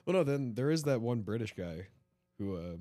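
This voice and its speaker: A man co-hosting a podcast, chatting casually, swearing and breaking into loud impressions when retelling videos. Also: mid-range voice, big pitch swings, moderate pace, no echo, studio quality. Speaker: podcast co-host. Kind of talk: casual chat.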